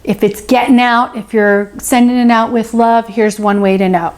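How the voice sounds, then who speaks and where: A woman with a fairly high voice hosts a self-help talk, speaking straight to the viewer. She is encouraging and reassuring, often pausing to check in with "okay?" and repeating key words for emphasis. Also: steady tone, darkish tone. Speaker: spiritual self-help host. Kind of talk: teaching to camera, answering a viewer.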